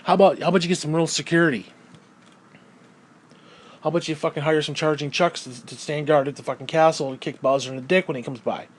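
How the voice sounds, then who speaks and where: Male ranter, slightly raised pitch, crude and heated, hammers points through repetition. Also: fairly even intonation, fast talker. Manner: crude, heated, swears constantly; repeats phrases for emphasis. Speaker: video creator. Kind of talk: profane ranting monologue.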